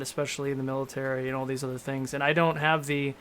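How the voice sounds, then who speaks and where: A man's voice: medium pitch, flat delivery, quick pace, fairly bright tone, a little hiss or hum. A man in his thirties, a game master and show host, talking candidly in a rambling, self-deprecating way in a casual panel discussion.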